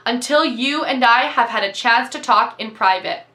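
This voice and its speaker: A woman's voice: a little high, normal speed, roomy sound. A woman doing a fierce, protective lady lawyer. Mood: firm. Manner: sharp and insistent.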